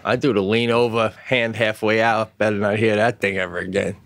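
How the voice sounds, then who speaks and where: A middle-aged man co-hosting a casual podcast chat, telling stories with loud acted-out quotes and plenty of swearing. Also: lowish voice, brisk, vocal fry, no room sound. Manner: animated storyteller, acts out loud quotes, swears freely. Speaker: podcast co-host. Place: home studio.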